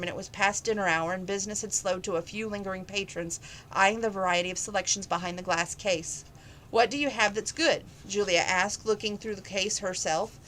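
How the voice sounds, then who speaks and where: A woman's voice: mid-range voice, a bit bright, slight background noise, low-quality recording. A woman reading a novel aloud in a plain, casual way, with small slips and restarts. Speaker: reader. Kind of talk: casual read-aloud narration.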